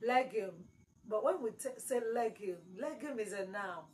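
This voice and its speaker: A woman's voice: medium pitch, expressive, normal speed, a little mellow, slight background noise, low-quality recording. A woman teaching exam prep, repeating key words with strong emphasis. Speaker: English teacher.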